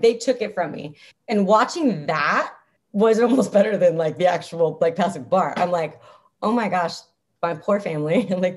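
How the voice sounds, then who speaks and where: A young adult woman, a guest in an interview, talking casually in an upbeat, chatty way, full of "like" fillers. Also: medium pitch.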